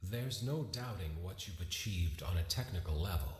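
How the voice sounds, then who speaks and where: A courteous board member, very deep voice, long reverb. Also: male voice, lively intonation, normal speed, slight background noise. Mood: probing. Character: polite, probing male board member. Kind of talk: game cutscene voice acting.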